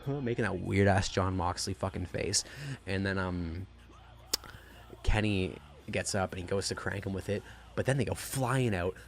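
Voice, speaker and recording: A man with a deep, low-pitched voice rambles through a wrestling review. He talks in an excited, casual way and swears freely. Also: moderate pace, vocal fry, faint music behind. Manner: profane, rambling, gushing.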